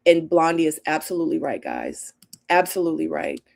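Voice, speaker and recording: A middle-aged woman with a deep, gravelly, darkish voice hosts a casual live Q&A, talking a little fast with huge pitch swings. Chatty and emphatic, she reads viewer comments and tells stories with acted-out quotes.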